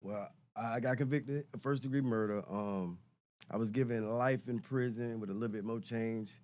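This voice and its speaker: A man's voice: medium pitch, moderate pace, a little mellow. A middle-aged man and podcast guest talking casually and reflectively, often repeating words as he searches for them. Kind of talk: casual conversation.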